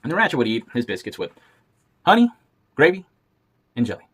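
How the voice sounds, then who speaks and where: A man's voice: mid-range voice, wildly swooping pitch, brisk, a bit bright, husky. A man telling a playful, folksy story aloud and voicing its characters. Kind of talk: animated storytelling.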